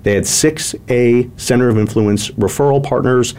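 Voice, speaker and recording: A man's voice: mid-range voice, normal speed, darkish tone, clean tone. A man who advises businesses, laying out a client case step by step in a casual chat. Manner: methodical, case-study telling. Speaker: business consultant guest.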